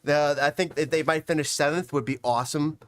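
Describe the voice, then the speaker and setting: A high-pitched man talking soccer on a casual podcast. He rambles, restarts and gets worked up, with a close, dry sound and no room around him. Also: a little fast, no echo. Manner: excitable, rambling, breaks into shouts. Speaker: guest.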